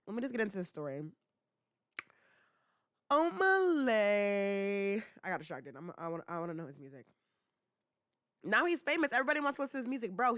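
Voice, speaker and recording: A young woman hosting a casual commentary podcast, talking in slangy, animated bursts full of rhetorical questions and teasing. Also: medium pitch, dry recording, clean studio sound. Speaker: podcast host.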